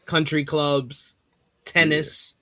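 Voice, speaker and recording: Male co-host, slow deadpan jokes, bright forceful tone, dry close mic. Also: fairly high pitch, no echo. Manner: dry, unhurried joking. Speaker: co-host of a movie review show. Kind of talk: casual podcast chat.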